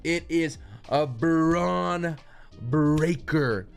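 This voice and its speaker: A man talks through a wrestling show recap in a loose, excitable way. He rambles, restarts his thoughts and throws in slang. Faint music plays under his voice. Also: on the high side, drawn-out words, vocal fry, smooth. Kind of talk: casual recap commentary.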